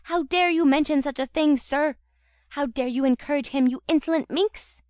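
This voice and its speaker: A woman's voice: high-pitched, normal speed, no room sound, studio quality, lightly acted. A woman voicing a pompous, indignant male parish beadle who scolds and moralizes. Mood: outraged.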